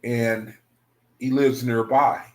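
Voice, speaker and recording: A man's voice: medium pitch, flat delivery, slow pace. A man hosting an online study group, talking casually and rambling, repeating himself and calling his viewers brethren. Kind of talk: casual livestream talk to viewers.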